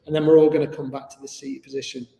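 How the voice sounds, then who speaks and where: A man's voice: medium pitch, level tone, very fast, gravelly, mellow. A man teaching a live online yoga class in an easygoing, chatty way with many fillers. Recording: echoey room with long reverb.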